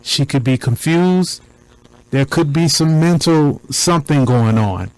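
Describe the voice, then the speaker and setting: Deliberate man commenting like a preacher. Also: a little high, darkish tone, no echo, poor audio. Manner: deliberate, preacher-like, repetitive emphasis. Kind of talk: commentary on a recording.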